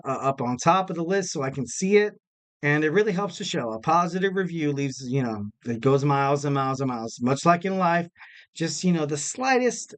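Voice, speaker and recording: A man hosting a wrestling podcast alone, rambling casually with lots of fillers and self-mocking jokes. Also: mid-range voice. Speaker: podcast host. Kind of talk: casual solo podcast talk.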